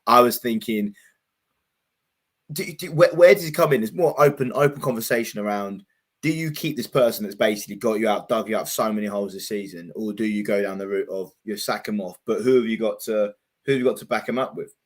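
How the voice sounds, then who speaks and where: Lower-voiced man in matey banter. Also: a little fast. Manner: matey banter, says "mate" constantly. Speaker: co-host. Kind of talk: casual comedy chat.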